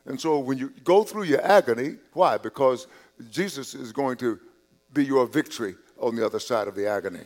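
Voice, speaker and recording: A male pastor preaching a sermon in a conversational way, repeating and restarting words, dropping to quiet asides and rising on key points. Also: mid-range voice, fairly quick. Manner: drops to quiet asides, rises on emphasis.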